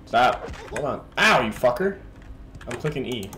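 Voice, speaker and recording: A gamer provides casual commentary in a medium-pitched, very animated voice, speaking a little slowly. He swears in frustration and trash talks the game, with game music and keyboard typing underneath.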